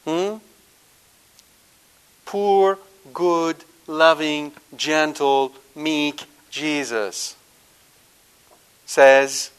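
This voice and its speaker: A man preaching to a live congregation, animated, questioning the audience and swinging between loud emphasis and quiet asides. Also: fairly high pitch, extremely slow, pauses often, clear, resonant tone. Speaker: Catholic preacher.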